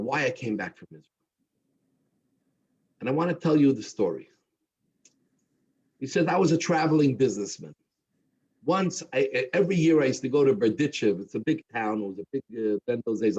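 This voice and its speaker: Husky man telling a story. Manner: animated, voicing characters with rising pitch. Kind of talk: storytelling at a Havdalah gathering. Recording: dull lo-fi recording.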